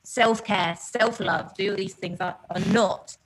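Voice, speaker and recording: A woman's voice: medium pitch, slow pace, slight background noise. A woman with an English accent, chatting as a podcast guest in a self-deprecating, talkative way. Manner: chatty and self-deprecating, slips into playful put-on voices. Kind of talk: casual chat.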